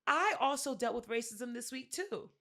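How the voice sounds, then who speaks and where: Podcast co-host, woman, lively storyteller who plays every quote out loud. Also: fairly high pitch, normal speed. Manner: animated storyteller, acts out quotes, swears freely. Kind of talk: casual chat, storytelling.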